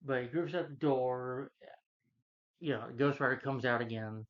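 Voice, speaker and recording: A man's voice: mid-range voice, a little slow. Man rambling through a movie rant, lo-fi. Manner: loose, meandering retelling with many fillers. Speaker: film reviewer.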